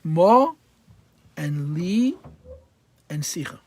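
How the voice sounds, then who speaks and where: A rabbi teaches a Torah class, translating verse by verse into English, mixing in Hebrew and Yiddish terms and stressing key words. His voice is fairly high, animated, a little mellow, and extremely slow, recorded with no echo.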